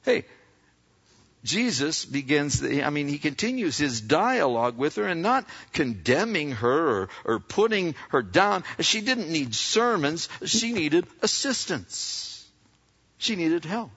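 A man's voice: fairly high pitch, big pitch swings, slow, fairly bright tone, slightly rough. A man preaching a sermon in a loose, conversational way, acting out the lines of the people he talks about. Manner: casual, conversational preaching with slang and quoted dialogue. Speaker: pastor. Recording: dull sound with long hall reverb.

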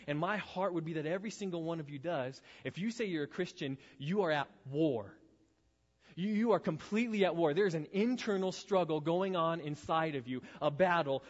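A man preaching to high schoolers in a relaxed, chatty storytelling way, his voice a touch higher than most. A long reverb trails each phrase, and the recording sounds dull and muffled. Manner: conversational storytelling, casual asides. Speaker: youth pastor.

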